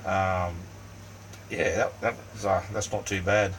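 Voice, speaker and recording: This livestream host, a middle-aged Australian, talks casually and loosely with his viewers from a small camper van, full of ums and "mate." His voice is deep and a bit bright, slow, with little pitch movement. A fan runs in the background, faintly audible through the distant mic.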